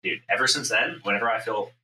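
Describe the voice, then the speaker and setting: Intense profane man, bright echoey sound. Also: lowish voice, quick pace. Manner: intense, profane storytelling, acts out his inner voice. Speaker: podcast host, business owner. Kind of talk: casual podcast chat. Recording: echoey room, mic at a distance, faint ambient noise.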